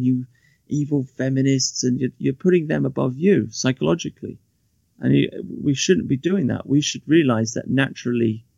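Gravelly man, dull dry lo-fi sound. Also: mid-range voice, warm tone, no echo. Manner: rambling, with many restarts and mocking asides. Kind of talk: casual podcast chat.

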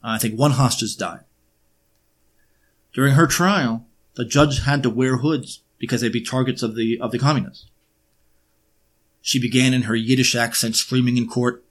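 Speaking at a medium pitch, a man lectures in monologue form, pausing frequently on filler words. Sarcastic rhetorical questions crop up throughout.

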